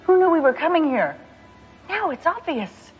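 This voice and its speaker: An actress playing a sharp-minded female detective who reasons crisply and insistently, in a 1980s TV comedy. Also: medium pitch, lively intonation, brisk, highs cut off, faint music behind, lightly acted.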